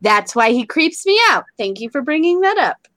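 A woman's voice: sits high, sing-song, moderate pace, a bit bright, no echo. A woman guest on a casual chat show, a comedian talking in a chatty, hesitant way.

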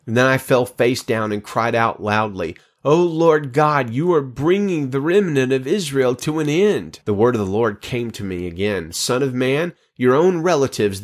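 A man reading Bible passages aloud in a measured, steady voice, lifting his pitch for quoted speech. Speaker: scripture reader.

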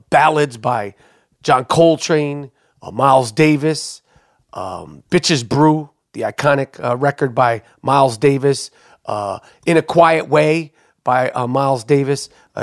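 A man hosting a podcast, rambling through a story with plenty of swearing and worked-up asides. His voice sits a little high for a man. It comes across dry and close on the microphone. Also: dry recording. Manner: rambling, profane, excitable storytelling. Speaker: podcast host. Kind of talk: casual storytelling monologue.

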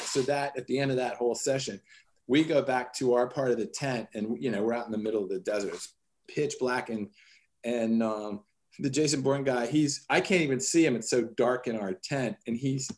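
A man with a mid-range voice speaks conversationally, retelling a personal story in an earnest, animated way. He slips into the voices of the people in his story as he goes. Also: medium pitch. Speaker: guest telling a personal story.

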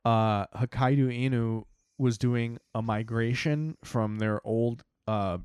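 A man's voice: medium pitch, fairly even intonation, takes it slowly, a little mellow, clear, resonant tone, no room sound, clean studio sound. A young man, a podcast host, tells a story in casual chat, swearing often and acting out his own reactions.

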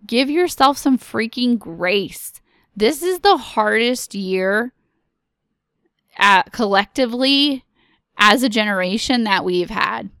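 Podcast host, woman in her thirties, unhurried encouraging pep talk, dry close mic. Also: mid-range voice, a bit bright, clear, resonant tone, dry recording. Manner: earnest, pep-talk, direct address to listeners.

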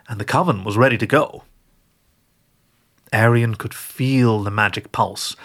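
A man narrating a story aloud in a wry, expressive manner. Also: medium pitch. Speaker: audiobook narrator. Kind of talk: scripted narration.

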